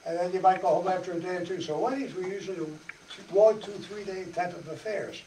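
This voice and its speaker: A man's voice: sits high, brisk, warm tone. A man giving a folksy church study-group talk, chatting and acting out dialogue with laughs. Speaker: parish presenter. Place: church meeting room. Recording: echoey church hall from far off, faint hiss.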